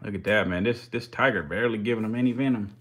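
A man's voice: fairly low pitch, fast talker, fairly bright tone. A man hosting a live stream, giving casual commentary in slangy, profane, hyped-up banter.

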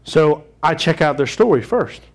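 A man's voice: fairly high pitch, animated, moderate pace. A man preaching a sermon as pastor of his church, talking in a conversational way and putting questions to the congregation.

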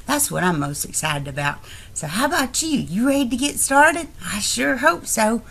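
A rambling trailer-park country woman, folksy and uneducated, as a woman puts her on. Her pitch swings widely, up and down, and she keeps breaking off to holler at her family. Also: big pitch swings, normal speed, gravelly, a bit bright, husky, heavily acted.

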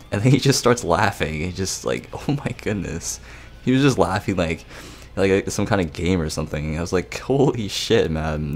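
A young man giving a casual anime episode review, rambling, laughing and swearing as he retells scenes. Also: low voice.

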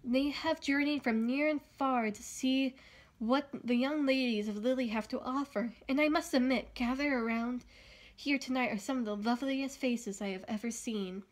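A cruel, taunting king, as a woman reads him aloud in a storybook reading. He draws out his sarcastic, scornful words slowly. The voice sits somewhat high. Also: lightly acted. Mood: grand. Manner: slow, sneering, sarcastic.

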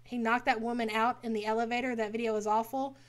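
Brief: woman reaction host, blunt and exasperated, a touch high-pitched. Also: flat delivery, fast talker. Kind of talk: casual commentary.

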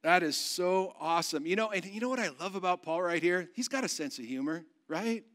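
High-voiced man preaching a sermon. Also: expressive, a little fast. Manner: preaching, swinging from loud proclamation to soft hushed storytelling. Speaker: pastor. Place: church.

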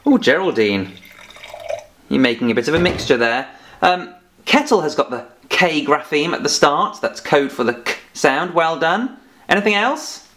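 A man's voice: fairly high pitch, sing-song, normal speed. A man teaching phonics to children, patiently and playfully telling off a puppet giraffe as he goes. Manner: gently scolding, patient, playful.

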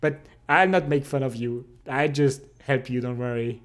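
A man's voice: medium pitch, steady tone, soft background music. A young man with a French accent, a live streamer chatting casually and reading comments, laughing often and teasing playfully. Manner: laughs often, playful and teasing, speaks English with pauses and restarts. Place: home streaming setup.

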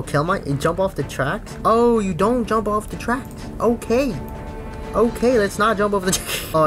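A gaming YouTuber giving jokey let's play commentary, excitable, with frequent gasps and laughs. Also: medium pitch.

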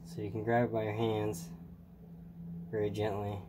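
A man's voice: on the low side, moderate pace. A tired man giving a casual hands-on tutorial at a workbench, rambling and trailing off as he talks to himself while working. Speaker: hobbyist showing a model truck build. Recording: clear steady background noise.

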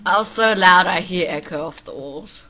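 A woman's voice: on the low side, normal speed, pushed and bright. A teenage girl giving casual commentary while playing a game, exclaiming and laughing often. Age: teens. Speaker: gameplay commentator. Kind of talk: casual gaming chat.

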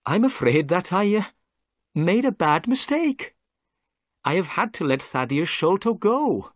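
In a read-aloud story, a man performs a full character voice pitched higher than his own: a humbled, polite male police inspector who sounds apologetic and earnest. The delivery is high-pitched with wildly swooping pitch at a normal speed, recorded dry at studio quality.

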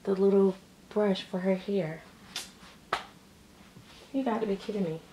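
A woman's voice: mid-range voice, a little slow, noisy background. A middle-aged woman, a doll artist chatting casually to her viewers, rambling and restarting often. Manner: rambling, many fillers and restarts. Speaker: reborn doll artist and vlogger.

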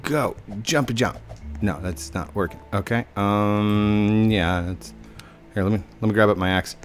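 A man's voice: on the low side, measured pace, faint music behind. A young man casually commenting on his own gameplay as a video host, rambling and playful, often laughing at himself.

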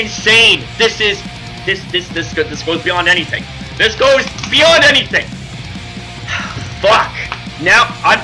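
A man rants about a game in an over-the-top raging persona, his voice high and sharply bright. He stammers, swears and keeps tipping into shouted outbursts, with faint music underneath. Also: rough recording. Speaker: YouTuber host. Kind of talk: ranting gaming commentary.

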